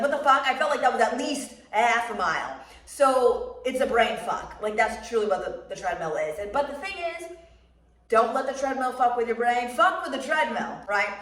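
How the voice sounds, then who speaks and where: American woman ranting about running, cusses a ton, echoey room, mic kinda far off. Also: fairly high pitch. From United States. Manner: blunt, swears a lot, animated storytelling. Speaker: running vlogger. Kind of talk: casual chat. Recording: roomy sound, mic somewhat distant.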